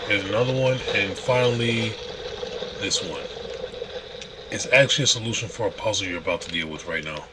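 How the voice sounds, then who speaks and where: A low-voiced man talks through a game as he plays, relaxed and explaining each step. Steady background noise hangs under his voice on the stream recording. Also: a little fast, pauses often. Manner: relaxed, explains while playing, with restarts. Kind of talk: casual gameplay walkthrough. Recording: noisy stream audio.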